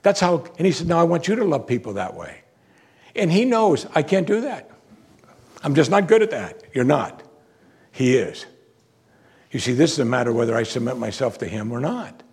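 Husky-voiced man preaching with emphatic swings. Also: medium pitch. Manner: animated preaching, swinging between soft asides and raised, emphatic declarations. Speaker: pastor. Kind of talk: sermon.

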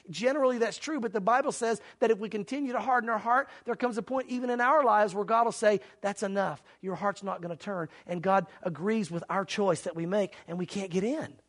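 A man with a very high voice preaches in an earnest, dramatic style. He acts out scenes as he speaks and makes an urgent, pleading appeal to his listeners. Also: a little fast, few pauses. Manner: dramatic, acts out mocking crowds and shouts; earnest, pleading altar call. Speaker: pastor. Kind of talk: sermon.

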